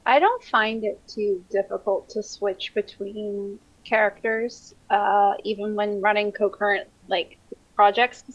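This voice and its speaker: A woman's voice: mid-range voice, fairly even intonation, unhurried, dull audio. A woman on a convention panel, chatting candidly and mocking herself with a laugh. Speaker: panelist and player. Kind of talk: casual panel chat.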